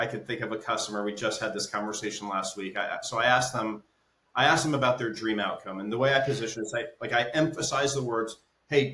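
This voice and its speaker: A man's voice: fairly low pitch, a bit bright. Man explaining in a roomy echo. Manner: explains with stories, frequent "right?" check-ins. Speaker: guest, business consultant. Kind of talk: conversational interview.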